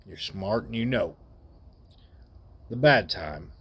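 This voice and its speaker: A man voicing a stern older male family friend who lectures a boy bluntly and gravely. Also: fairly low pitch, animated, takes it slowly, exaggerated voice. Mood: earnest.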